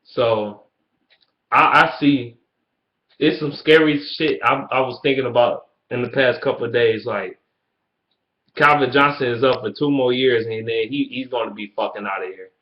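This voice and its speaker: Man, angry fan rant, profane and repetitive, mid pitch, echoey dull lo-fi room. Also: normal speed. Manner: profane, heated, repetitive ranting. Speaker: sports fan vlogger. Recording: roomy, dull lo-fi sound.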